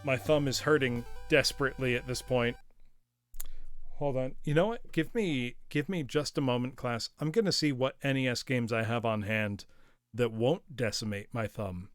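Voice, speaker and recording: A man's voice: medium pitch, normal speed, no room sound, clean studio sound, soft background music. An American man hosting a live game stream, telling a story casually and laughing often. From United States. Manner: chatty storyteller, laughs often, reads chat aloud. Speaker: streamer host. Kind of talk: casual live-stream chat while gaming.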